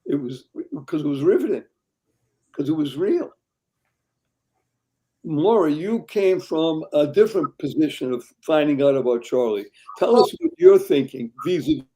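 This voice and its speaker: A man's voice: on the high side, lively intonation, moderate pace, mellow, low-quality recording. A man hosting a webinar panel on a video call, often chuckling as he talks. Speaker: webinar host.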